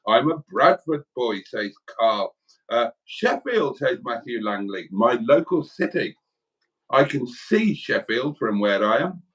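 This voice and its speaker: A man's voice: mid-range voice, poor audio. A man co-hosting a home livestream, jovially reading out viewer comments and adding wry asides. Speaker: livestream co-host. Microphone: home livestream setup.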